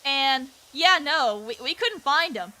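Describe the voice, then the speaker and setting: A woman's voice: high voice, lively intonation, takes it slowly, pushed and bright. A young woman streamer telling a long, rambling anecdote in casual chat, full of fillers and the odd swear word. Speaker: VTuber streamer. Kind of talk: casual storytelling during a game stream.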